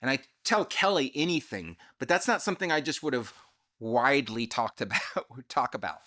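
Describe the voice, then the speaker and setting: A man talks straight to his audience about something that happened to him, open and confessional. He often stops and rephrases mid-sentence as he thinks out loud, and his voice sits at an ordinary middle pitch. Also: animated, moderate pace. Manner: candid, confessional, self-reflective; frequent self-corrections and restarts. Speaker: channel host telling his own story. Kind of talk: personal storytelling monologue.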